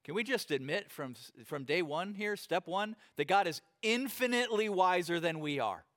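A middle-aged man preaching a sermon as pastor, talking in a conversational, animated way and telling stories with acted-out quotes. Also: high voice, moderate pace.

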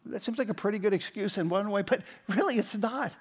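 A man's voice: high-pitched, brisk, husky. Emphatic preaching man, reverberant church. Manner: leads the congregation in reading aloud, warmly emphatic. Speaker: pastor. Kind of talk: sermon.

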